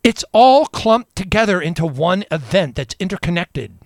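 A man's voice: high-pitched, very animated, normal speed, no room sound, clean studio sound. A man hosting a radio show, delivering a rambling, emphatic, preaching monologue full of repetition.

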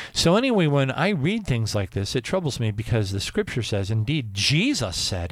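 Man, Bible teacher, informal preaching, animated, stumbling restarts, bone-dry recording. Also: medium pitch, moderate pace, few pauses, no echo. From Pennsylvania, US.

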